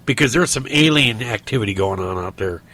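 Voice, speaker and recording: A man's voice: lowish voice, lively intonation, fairly quick, bright, forceful tone. A middle-aged man hosting a podcast, telling rambling stories and ranting with lots of restarts and fillers. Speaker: podcast host. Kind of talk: casual monologue.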